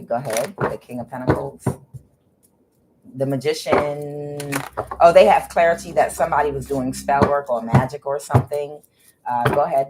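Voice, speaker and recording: A woman's voice: rumbling low, heavy background noise. A woman doing a casual tarot reading, hesitant and full of filler sounds, often repeating herself. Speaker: tarot reader.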